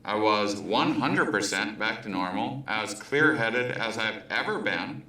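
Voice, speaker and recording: A man telling a comic anecdote in an animated way, with background music. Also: lowish voice, a little slow, slight background noise. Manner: animated, mimics voices in quotes. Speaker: storyteller. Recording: echoey, distant, music under.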